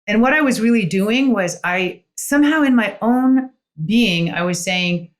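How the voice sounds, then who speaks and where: A woman's voice: mid-range voice, animated, a little slow. A woman guest on a podcast, a coach, telling her story in an earnest, reflective way with frequent "you know" asides. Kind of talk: conversational storytelling.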